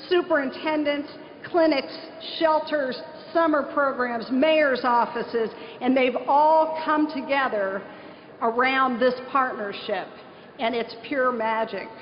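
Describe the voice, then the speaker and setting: Earnest middle-aged woman from southern ohio giving a keynote, kinda high voice, big echoey hall, dull muffled sound. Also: slight background noise. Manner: earnest, storytelling, emphatic. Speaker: nonprofit leader giving a conference speech. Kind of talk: conference keynote speech. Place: large conference hall.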